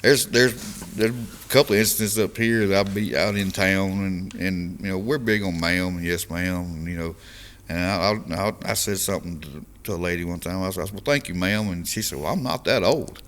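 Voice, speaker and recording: A man's voice: low voice, steady tone, moderate pace, a bit bright, slight background noise. A man in his forties from Louisiana with a Cajun accent, a guest trucker telling stories in casual chat, stumbling over repeated words and laughing often.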